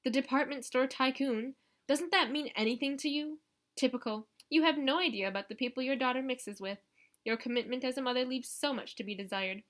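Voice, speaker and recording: A woman's voice: sits high, a little fast, fairly bright tone, voice pushed up. A woman voicing a snobbish, spiteful middle-aged aunt who talks down to others. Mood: haughty. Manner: haughty, scolding.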